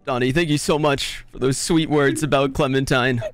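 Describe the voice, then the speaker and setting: A man leading a joking funeral, speaking in a halting, mock-solemn way with restarts. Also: medium pitch, fairly even intonation, clean tone, no echo. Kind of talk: playful mock-solemn speech.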